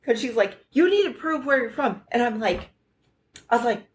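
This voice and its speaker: A woman from the United States telling a story on a podcast, animated and profane, acting out the dialogue as she goes. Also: a little high, moderate pace. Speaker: podcast co-host. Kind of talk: casual storytelling chat.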